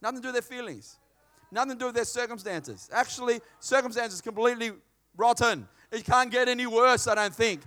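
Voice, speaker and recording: High-voiced preacher, animated. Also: male voice, brisk. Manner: animated storytelling, acts out dialogue in a hushed voice. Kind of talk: sermon.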